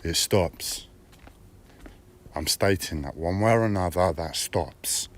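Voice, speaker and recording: A man's voice: low-pitched, slow. A man streaming live, talking in a blunt, profane personal monologue with repeated phrases and a whiny edge.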